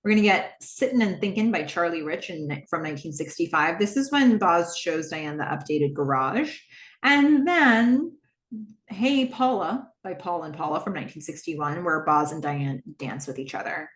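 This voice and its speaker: A woman's voice: lowish voice, moderate pace. Woman recapping a show, roomy sound. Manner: retells scenes, acting out lines in shifting voices; laughs often, lively and amused. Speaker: podcast host. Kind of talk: casual episode recap.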